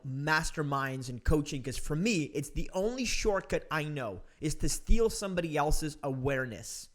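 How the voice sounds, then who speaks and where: A man in his thirties hosting a podcast, talking in an upbeat, emphatic, motivational way. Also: on the high side. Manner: upbeat, emphatic, calls listener "dude" and "man". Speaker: podcast host. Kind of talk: casual motivational interview talk.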